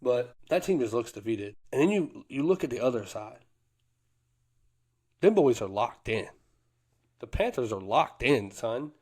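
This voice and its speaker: A man's voice: mid-range voice, very animated, a little slow, pauses often, a little mellow, slightly rough. A man co-hosting a sports podcast, talking with hyped, boastful energy and Southern slang. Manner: fired-up, boastful fan talk with Southern slang like "them boys" and "cuz". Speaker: podcast co-host.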